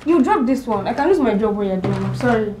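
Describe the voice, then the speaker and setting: Casting: nervous office worker, woman, slightly high, lively pitch, loud music bed. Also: fast. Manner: hesitant, apologetic. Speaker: office worker in comedy skit. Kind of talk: comedy skit acting. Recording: music playing under the voice.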